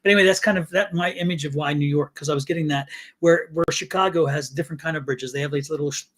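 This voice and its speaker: A man's voice: on the high side, fairly even intonation, fast talker, a bit bright. Man psychic thinking aloud in fragments. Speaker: psychic tarot reader. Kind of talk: live psychic reading.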